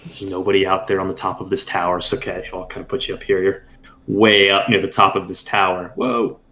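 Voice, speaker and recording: A man narrating a tabletop role-playing game as game master, describing scenes in a measured storytelling way. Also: sits low, flat delivery, bright, forceful tone.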